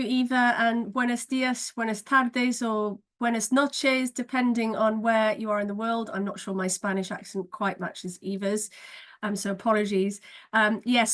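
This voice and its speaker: A woman communications director presenting findings on a webinar, earnest and steady with occasional fillers. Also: mid-range voice.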